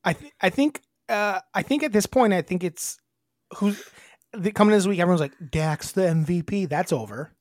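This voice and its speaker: A woman's voice: mid-range voice, expressive, normal speed, no room sound, studio quality. A woman co-hosting a podcast, chatting casually and telling crude, rambling stories where she acts out her own lines. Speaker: podcast co-host. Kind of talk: casual chat.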